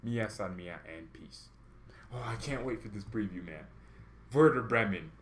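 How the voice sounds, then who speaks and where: A man hosting a football livestream, chatting casually and rambling with excited exclamations, coughing now and then. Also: on the low side, normal speed. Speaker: football channel host.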